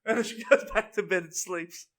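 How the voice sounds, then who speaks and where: A man's voice: sits high, moderate pace. A young man chatting casually, telling a laid-back story. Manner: relaxed, laid-back storytelling, says bro a lot.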